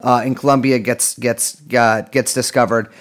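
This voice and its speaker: A man's voice: medium pitch, flat delivery, moderate pace. A man co-hosting a casual political podcast, joking around, swearing freely and often restarting his sentences. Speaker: podcast co-host.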